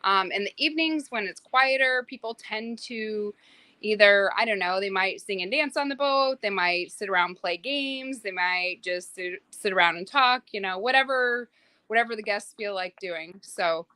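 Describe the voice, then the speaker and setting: A woman's voice: mid-range voice, normal speed, clean tone, no room sound. A woman who works as a private yacht chef, chatting in an interview and telling stories with lots of fillers. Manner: animated, many fillers, acts out quotes. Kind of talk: casual interview storytelling.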